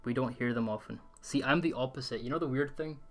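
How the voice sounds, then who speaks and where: A man's voice: medium pitch, fast talker. A young man from Scotland with a mild Scottish accent that leans English, live-streaming a game from a hot room at home into a desk condenser mic. He sounds tired and rambles, answering chat with frequent restarts. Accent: mild Scottish, mostly English-leaning. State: tired from the heat. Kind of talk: casual live-stream chat while gaming. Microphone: desk USB condenser mic.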